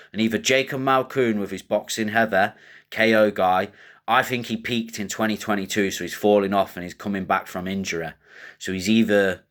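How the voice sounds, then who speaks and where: A man hosting fight predictions in casual, animated commentary, joking and swearing. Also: fairly low pitch. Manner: animated, joking, crude trash talk.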